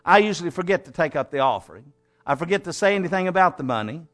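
A man's voice: fairly high pitch, animated, fast, a bit bright. A male pastor preaching a sermon in a folksy way, reading scripture aloud with emphatic swings.

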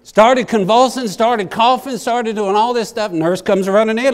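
A middle-aged man preaching, telling a personal story in a folksy, self-deprecating way that swings from hushed to excited. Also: sits high, unhurried. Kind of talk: sermon storytelling.

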